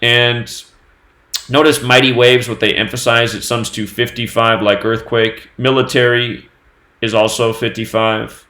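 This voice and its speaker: Man, medium pitch, solo commentary, steady number-heavy delivery, echoey room. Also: a little slow. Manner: steady running reading of dates and number sums. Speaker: host of a numerology news channel.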